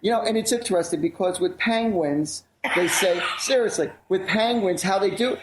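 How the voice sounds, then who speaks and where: A man's voice: high voice, moderate pace, roomy sound, background noise. A man co-hosting a radio show, chatting casually, joking and rambling with frequent laughs.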